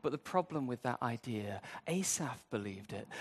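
A man's voice: mid-range voice, lively intonation, moderate pace, breathy edge, long reverb tail. A man preaching a sermon in a church, talking straight to the congregation and acting out people's inner voices with humor. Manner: speaks directly to the congregation. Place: church sanctuary.

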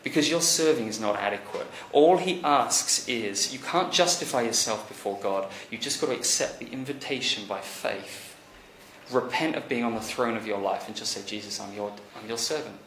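A man preaching a conversational sermon, animated, rising to emphatic peaks and then dropping quiet. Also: lowish voice, a little fast, slight background noise. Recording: echoey church hall recording.

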